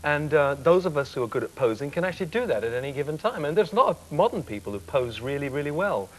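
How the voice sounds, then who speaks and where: A man's voice: fairly high pitch, sing-song, fast talker, soft background music, poor audio. A man in his fifties reflecting candidly on his singing career as a talk show guest. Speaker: singer, guest. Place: TV studio.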